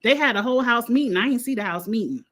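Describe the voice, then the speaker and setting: A woman, hosting a casual reaction vlog in a blunt, heated, profane and animated way. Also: a little high, fast talker. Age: adult with a son in college. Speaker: vlog host reacting to a reality show.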